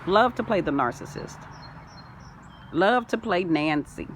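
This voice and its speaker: A woman delivering a rambling spiritual monologue, full of wordplay and sing-song turns, swinging from loud declarations to soft asides. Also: lowish voice, lively intonation, a little slow, a little hiss or hum. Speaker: spiritual self-help vlogger. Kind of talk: rambling spoken-word monologue.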